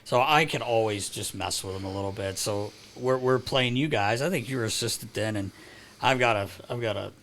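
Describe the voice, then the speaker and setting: Man, podcast host, casual studio chat; loose, profane, quick to laugh, acts out quotes. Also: lowish voice, fairly bright tone, slight background noise. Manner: swearing, laughing storyteller doing quoted voices.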